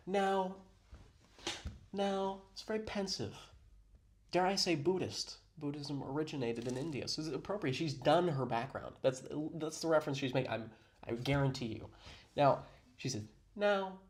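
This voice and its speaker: Sarcastic man reacting to a video. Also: medium pitch. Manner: mock-serious, sarcastic. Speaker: reaction commentator.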